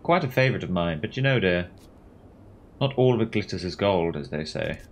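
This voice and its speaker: Brief: man putting on a prim, secret-loving older lady, sing-song and lively. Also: low voice, moderate pace, slight background noise. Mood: sly. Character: gossipy, sly genteel older woman.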